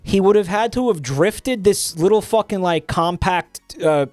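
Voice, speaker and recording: A man's voice: sits high, measured pace, darkish tone, no echo, soft background music. A young man streaming, chatting casually while reading posts, profane and rambling with many restarts.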